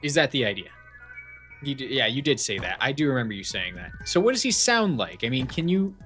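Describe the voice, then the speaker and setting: A rambling, jokey man livestreaming a game at a middle pitch, talking loosely to his chat at a desk microphone. Light game music runs quietly underneath. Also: big pitch swings, brisk. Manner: chatty, jokey, rambling with fillers and restarts.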